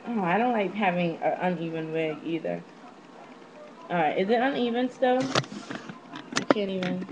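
A young woman telling a story casually to her webcam at home, brash, profane and animated as she gossips. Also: mid-range voice, slow pace, pauses often, lo-fi sound, a little hiss or hum. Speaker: vlogger.

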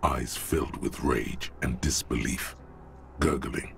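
A gravelly grim game narrator. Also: male voice, fairly even intonation, a bit bright, a little hiss or hum, heavily acted. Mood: ominous. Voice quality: deep and gravelly. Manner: slow, ominous and vivid. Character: grim omniscient male narrator of a detective game. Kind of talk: dramatic scripted narration.

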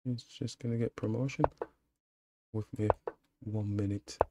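Gravelly man muttering over chess. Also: on the low side, fairly even intonation, unhurried, heavy background noise. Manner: frustrated muttering to himself. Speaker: chess streamer. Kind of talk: casual play commentary.

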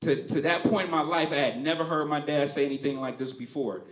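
A man's voice: on the high side, fairly even intonation, fast talker, fairly bright tone, echoey room. A male stand-up comedian telling stories in a conversational, punchy, profane way. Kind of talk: stand-up storytelling.

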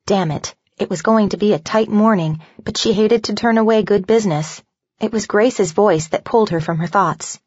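A woman narrating a novel aloud in an even, measured storytelling voice. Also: medium pitch, breathy edge, no echo, lo-fi sound. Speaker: audiobook narrator.

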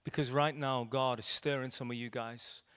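Preaching a sermon built on stories, an evangelist from Liverpool acts out the dialogue animatedly for an audience in a church meeting room. His mid-range voice is clean and a bit bright, with a steady tone at normal speed.

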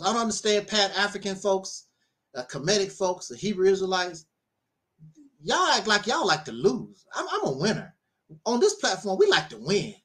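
A middle-aged man, a minister, giving a casual spoken monologue, telling stories with frequent laughter and preachy asides. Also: high voice. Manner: animated storyteller, laughs often, preachy asides.

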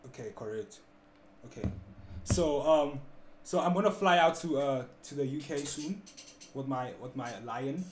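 A man from South Africa livestreaming prank chats with strangers, teasing them with deadpan, playful banter. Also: mid-range voice, a little slow. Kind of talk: prank chat with strangers on video call. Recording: echoey room with faint background noise.

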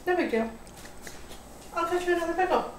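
A woman's voice: extremely high pitch, a little fast, far from the mic. A woman, a mother, chatting casually and coaxing her small children at the table at home. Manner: sing-song coaxing toward small children. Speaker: mother feeding toddlers. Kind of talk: casual family chat. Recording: echoey room with background noise.

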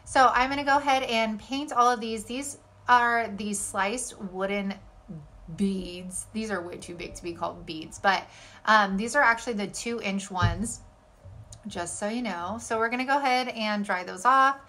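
A woman's voice: mid-range voice, normal speed, sharp tone. A young woman, chattily narrating her craft projects as a channel host, with lots of filler words. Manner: chatty and enthusiastic, with many "like" fillers. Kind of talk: casual voice-over narration of craft steps.

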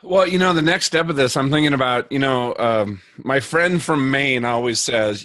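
Bright-voiced man from Minnesota, measured host who lists points carefully. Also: medium pitch. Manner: deliberate, listing ideas one by one. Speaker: podcast host. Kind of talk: podcast interview.

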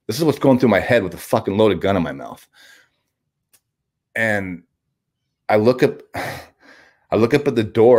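A man telling a raw personal story as an interview guest, halting, with frequent restarts, repeated words and blunt swearing. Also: on the low side, animated, a little mellow. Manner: blunt and profane; raw, intense retelling.

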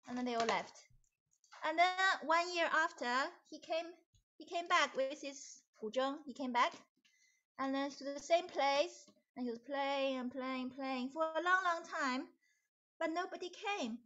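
Teacher lady telling a puppet story to kids, high voice, muffled call sound. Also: measured pace. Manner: animated, playful narration. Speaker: music teacher. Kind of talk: storytelling puppet show for children.

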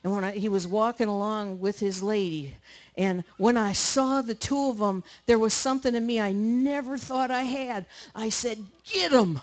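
Her mid-range voice is a little mellow and moves at a moderate pace as she chats with a live crowd at a camp meeting. The woman's story rambles, colloquial and full of restarts.

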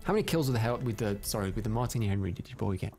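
A man giving live commentary over his own gameplay, excitable and prone to loud frustrated outbursts, chatting with his viewers between rounds. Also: on the low side, racing, soft background music. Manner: chats to viewers and reads out their comments. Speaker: live streamer.

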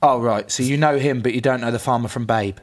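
A blunt man in his thirties trades cheeky, sweary banter as a podcast guest. His voice sits at an ordinary middle pitch. He talks in a loose, jokey way and keeps pushing his point. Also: fairly even intonation, fast talker. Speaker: rugby player guest.

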